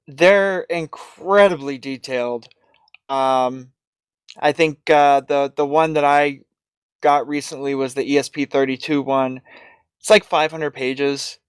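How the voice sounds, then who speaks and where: A man's voice: medium pitch, steady tone, slow, clear, resonant tone, no echo, studio quality. A man co-hosting a casual tech podcast, talking hesitantly with frequent restarts. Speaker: podcast co-host.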